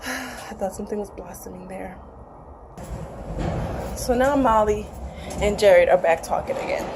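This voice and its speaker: A woman's voice: medium pitch, a little slow, vocal fry, background noise. A woman giving a casual, candid TV episode recap, chatty and profane, with playful acted quotes. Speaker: TV show reviewer.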